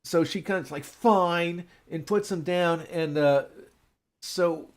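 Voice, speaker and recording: A man's voice: a little high, unhurried. A man in casual chat, rambling through a script recap and acting out characters' lines.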